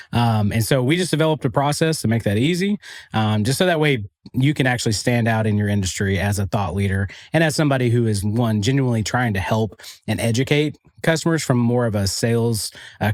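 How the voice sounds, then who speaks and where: A man from Arkansas with a Southern accent, a podcast guest explaining his work in an earnest, steady way with frequent ums. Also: mid-range voice, no echo, studio quality. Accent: Southern American. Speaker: podcast guest, studio owner. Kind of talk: casual interview chat.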